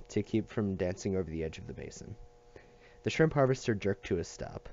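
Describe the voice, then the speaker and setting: A man reading a novel aloud at a steady pace, with small slips and restarts. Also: low-pitched, a little fast, lo-fi sound. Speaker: audiobook reader.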